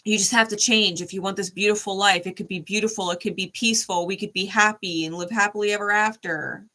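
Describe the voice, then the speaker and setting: A woman's voice: medium pitch, steady tone, fast talker, pushed and bright, voice pushed up, close to an everyday voice. A woman voicing a naive person who wants to fix someone, speaking in an earnest, coaxing way. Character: naive eager would-be fixer, pleading.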